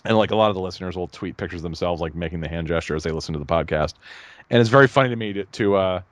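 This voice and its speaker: Male co-host, casual rambling chat, low-ish voice, dead dry recording. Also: rapid-fire, no echo. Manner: rambling, animated, laughs at own jokes. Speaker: podcast co-host.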